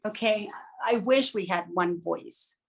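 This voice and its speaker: A woman co-hosting a podcast speaks slowly in a mid-range voice that is gravelly and slightly rough. She chats casually and reflectively, acting out inner voices in small quoted asides.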